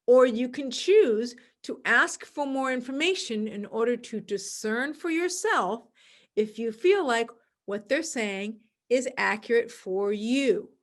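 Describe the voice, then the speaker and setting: Woman, podcast host, high-pitched, calm explanatory talk, solo podcast. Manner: acts out quoted voices in a dramatic, excited tone; calm, explanatory, repeats key words.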